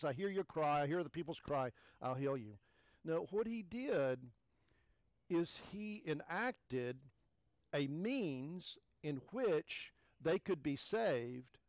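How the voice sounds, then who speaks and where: A man preaching a sermon as pastor. He talks emphatically, repeats key phrases and swings from loud to hushed. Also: on the high side, no echo.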